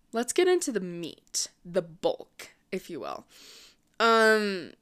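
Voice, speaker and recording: A young woman vlogger chatting casually to her viewers, quick and upbeat, with lots of fillers. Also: mid-range voice, huge pitch swings, sharp tone. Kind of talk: casual chat.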